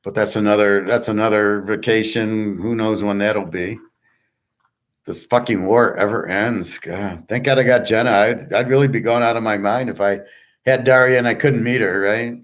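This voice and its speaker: A man with a somewhat low voice chats loosely to his viewers. His talk wanders from one thought to the next in an easy conversational way, and he speaks directly to a listener. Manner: rambling and conversational, talks straight to a listener. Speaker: channel host. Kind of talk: casual rambling chat to viewers.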